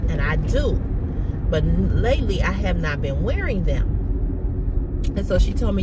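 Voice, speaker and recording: A woman vlogger casually retelling a conversation, with lots of "I said, she said". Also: lowish voice. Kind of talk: casual storytelling to camera. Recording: loud outdoor traffic noise.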